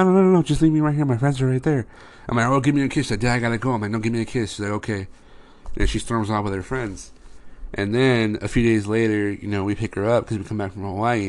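A young man, a father, telling casual rambling stories about his daughter as a podcast host, full of fillers. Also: fairly low pitch. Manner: rambling, many fillers like "you know". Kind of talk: casual storytelling monologue.

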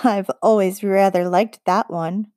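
A wry, unhurried shapeshifting witch who rules the forest, read by a woman in an audiobook. She teases and chills in equal measure, voiced dry and close with no room around it. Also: mid-range voice, steady tone, a little mellow, no echo, natural voice. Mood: amused. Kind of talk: audiobook character voice.

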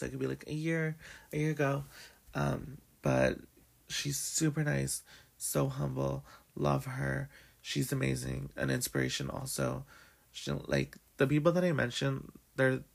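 Raspy, gravelly young man chatting. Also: medium pitch. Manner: chatty, full of "like" and "um" fillers. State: raspy morning voice. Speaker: podcast host. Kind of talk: casual storytelling chat.

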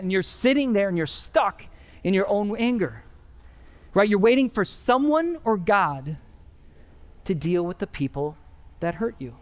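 A man's voice: high-pitched, lively intonation, moderate pace, pauses often. A pastor preaching a conversational sermon in church, with rising emphasis on his key points. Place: church sanctuary.

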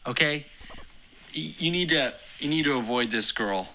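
Man, advice segment, emphatic, earnest, very bright tone. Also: on the high side, animated, normal speed, a little hiss or hum, poor audio. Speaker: advice giver on a call-in segment. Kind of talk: advice on a podcast.

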